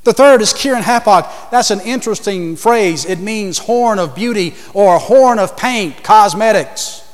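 A man's voice: high voice, unhurried, few pauses, big-room sound. A man preaching a sermon to a congregation, emphatic, asking questions and repeating his key points.

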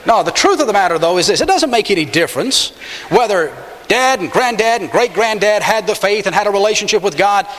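A man preaching a sermon, stressing key words by jumping up in pitch and slowing down. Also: lively intonation, a bit bright. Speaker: pastor. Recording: long hall reverb.

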